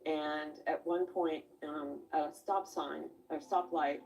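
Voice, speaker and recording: Interviewee: woman, former camper, lowish voice, reflective pauses, distant mic. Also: fairly even intonation, darkish tone, faint music behind. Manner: reflective, halting storytelling. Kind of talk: documentary interview.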